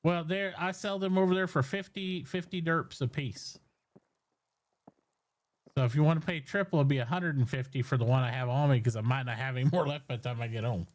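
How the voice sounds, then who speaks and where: A man's voice: on the high side, brisk. A man playing a shopkeeper in a casual game roleplay, rambling with restarts and laughing often. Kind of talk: casual roleplay chat, mock auctioneer calls.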